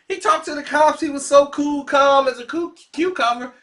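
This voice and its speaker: A man casually telling a wild story, animated and laughing as he acts out the people involved. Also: extremely high pitch, moderate pace. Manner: animated, laughing often, playing the characters. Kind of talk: casual anecdote.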